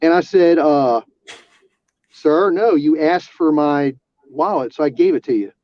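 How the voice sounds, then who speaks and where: A man, an auxiliary police officer, telling a personal story in casual talk, halting with restarts and fillers. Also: fairly high pitch, dry recording. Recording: dull lo-fi sound.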